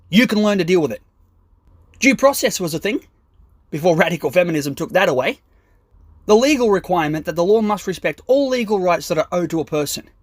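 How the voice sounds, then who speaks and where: A man's voice: sits high, dry recording. A man doing an aggressive, profane stand-up comedy rant, mocking and sarcastic.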